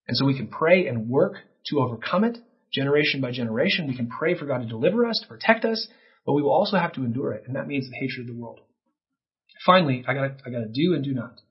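Man, preaching, husky, fervent swings up to near-shouting, mid pitch, muffled lo-fi sound. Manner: impassioned, rising to near-shouting peaks. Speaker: pastor. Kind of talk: sermon. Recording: dull lo-fi sound.

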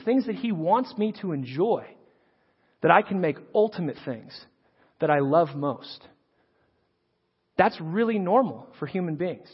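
This sermon comes from a man in his thirties who preaches and teaches high school, his high voice slightly rough. Earnest and chatty, he fills it with stories and tends to repeat words while restarting. The lo-fi audio sounds dull and carries long hall reverb.

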